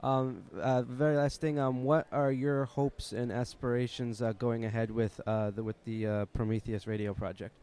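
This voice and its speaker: A man's voice: mid-range voice, little pitch movement, moderate pace, few pauses, darkish tone, clean tone. A man interviewing a guest at a conference, casual and hesitant, full of uhs and likes. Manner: hesitant, lots of uh and like.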